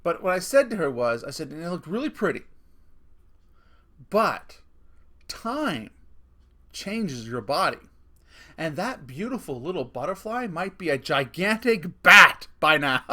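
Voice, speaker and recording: A middle-aged man rants to camera about family life in a loose storytelling way. His fairly high, bright voice swings up and down as he gets worked up, with plenty of swearing and laughter at his own jokes. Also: sing-song, measured pace, pauses often. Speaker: vlogger. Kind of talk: casual storytelling rant.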